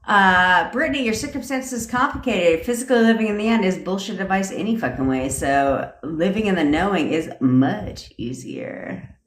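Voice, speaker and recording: A woman's voice: medium pitch, lively intonation, normal speed. A woman coaching manifestation in a casual livestream chat, brash and profane, laughing often. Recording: echoey room.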